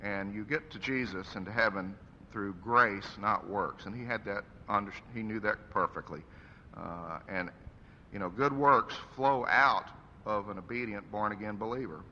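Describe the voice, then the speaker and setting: A man's voice: lowish voice, pushed and bright, a little hiss or hum. A man delivering an earnest, preacherly eulogy for his father at a funeral service. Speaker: son giving a eulogy. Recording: echoey hall, dull lo-fi sound.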